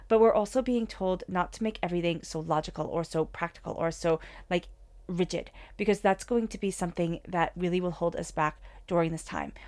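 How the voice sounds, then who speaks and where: A woman doing a tarot reading in a soft, soothing, upbeat manner. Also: lowish voice. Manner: soft, soothing and upbeat, with whispered meditation passages. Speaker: tarot reader.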